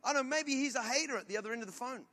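A man preaches a sermon, telling his stories loudly and with comic energy. His voice sits high and sounds bright and forceful. He talks like a pastor who enjoys a joke with his congregation. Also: very fast. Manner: loud, animated storytelling with comic outbursts.

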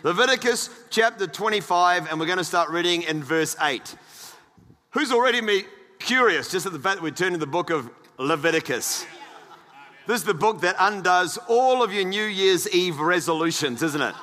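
A male pastor preaches with a high, bright, forceful voice. He jokes playfully with his congregation and reads scripture aloud. A long church-hall reverb trails his words. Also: lively intonation, normal speed. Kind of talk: sermon.

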